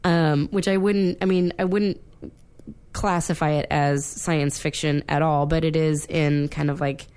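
A woman's voice: low-pitched, steady tone, unhurried, darkish tone, clean tone. A woman co-hosting a casual film-review podcast, talking bluntly and animatedly, swearing freely and using plenty of fillers. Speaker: podcast co-host.

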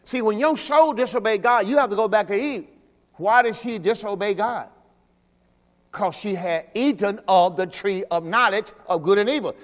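A man preaching a sermon as pastor. He talks emphatically, asks the congregation questions, and drops into low quiet asides. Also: normal speed. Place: church sanctuary. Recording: long hall reverb from a church service.

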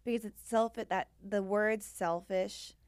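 A woman's voice: mid-range voice, steady tone, slow, smooth, no echo. A woman co-hosting a casual podcast chat. She talks candidly, swears freely and acts out quoted dialogue. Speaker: podcast co-host.

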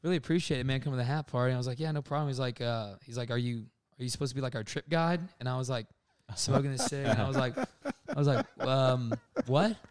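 A man's voice: mid-range voice, fast talker. A man in his twenties on a podcast, telling a story in casual chat and acting out other people's lines with a lot of laughing. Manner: animated, laughing, acts out quotes. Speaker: podcast co-host.

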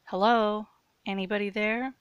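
A woman's voice: a little high, very animated, moderate pace, dry recording, muffled recording, pitched above the performer's own voice. A woman voicing a frightened young man who stammers and pleads. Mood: uneasy.

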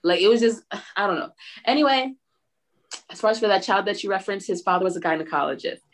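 A woman's voice: mid-range voice, quick pace. A woman co-hosting a casual movie podcast, blunt and profane, laughing often. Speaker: podcast co-host. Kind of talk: casual movie review chat.

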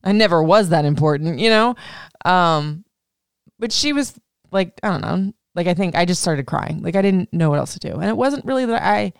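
A woman host with a lowish, gravelly voice that still sounds smooth and clear. She tells her story in a loose, rambling way, swearing freely and leaning on "like". The sound is close and dry, with no room around it. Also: expressive, moderate pace, no room sound. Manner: rambling, profane, heavy use of "like". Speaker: podcast host. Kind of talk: casual personal storytelling.

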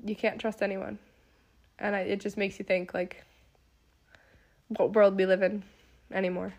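A young woman co-hosting a podcast in casual chat, speaking softly with a sick, hoarse voice and lots of filler words. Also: medium pitch, little pitch movement, a little slow. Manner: soft-spoken, lots of "like" fillers. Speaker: podcast co-host.

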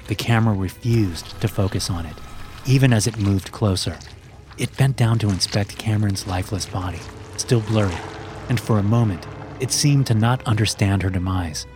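A man reads a scripted horror story in a steady, measured way. His voice sits a little low, and clear background music runs under the narration.

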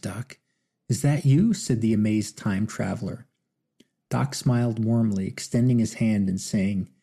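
A man narrating an audiobook in a measured, solemn storytelling manner. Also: on the low side, creaky, dark tone, slightly rough.

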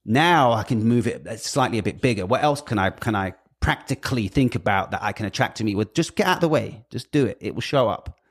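A man's voice: fairly low pitch, fairly quick, hardly any pauses, breathy edge. A British man in casual chat, telling stories animatedly and swearing often. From Britain. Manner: animated storytelling, profane. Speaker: guest, music industry worker.

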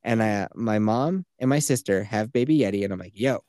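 A man's voice: on the low side, a little fast, mellow, no room sound, studio quality. A man in his thirties, a podcast host, telling a story in casual chat, swearing freely and acting out the people he quotes.

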